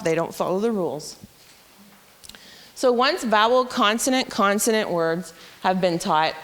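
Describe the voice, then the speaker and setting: Woman, reading teacher, smooth clear voice, long room reverb, explanatory. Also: on the low side. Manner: explanatory, talks through teaching steps. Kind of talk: professional development presentation.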